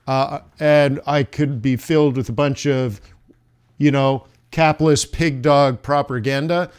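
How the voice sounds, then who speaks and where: A forex livestream host talks with viewers in a rambling, casual way, poking fun at himself as he goes. His medium-pitched voice is smooth and steady, delivered a little slowly.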